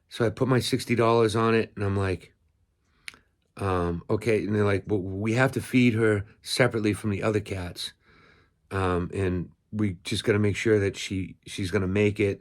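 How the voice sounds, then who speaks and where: A man with a somewhat low voice tells a long, meandering story in a folksy, offhand way. He keeps circling back with fillers and restarts as he talks outdoors on his rural land. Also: a little mellow. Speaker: cat owner vlogger. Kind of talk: casual storytelling.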